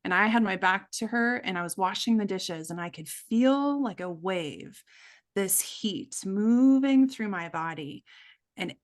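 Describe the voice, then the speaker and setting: Middle-aged woman, candid guest storyteller, earnest, mid-pitched, quotes voices. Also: expressive, unhurried. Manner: earnest, acts out quoted voices, many fillers. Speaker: podcast guest, coach.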